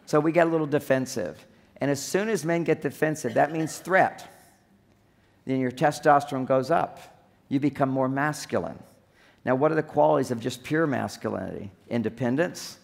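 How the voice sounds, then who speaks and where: A man with a gravelly, medium-pitched voice gives an animated, fairly quick seminar talk on relationships, joking and acting out little scenes as he goes. The recording has a long hall reverb.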